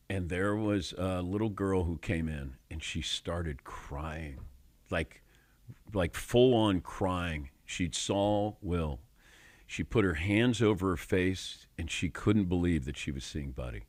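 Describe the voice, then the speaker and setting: A man's voice: slow, no room sound. A male sports radio host telling stories in casual studio chat, acting out quotes. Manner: storytelling, acts out quotes with big pitch jumps. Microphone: studio microphone.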